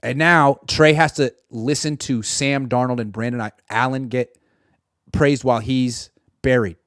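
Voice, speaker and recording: A man's voice: medium pitch, fairly even intonation, measured pace, fairly bright tone, dry recording, clean studio sound. A man giving a sarcastic sports commentary monologue and acting out imagined dialogue.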